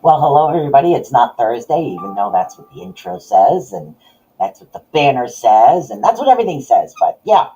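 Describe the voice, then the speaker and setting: A woman's voice: extremely low pitch, big pitch swings, brisk, dark tone, slightly rough. A middle-aged woman hosting a casual livestream, chatting in a rambling way and laughing often. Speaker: podcast host and psychic reader. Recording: dull lo-fi audio.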